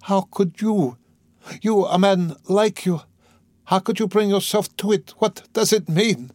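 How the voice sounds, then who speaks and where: A man's voice: a little slow, a little mellow, dry recording, studio quality. A man reading an audiobook, voicing a distraught, bewildered young woman with a raised, tearful, pleading voice. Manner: high, tearful, urgent pleading. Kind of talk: audiobook character voice.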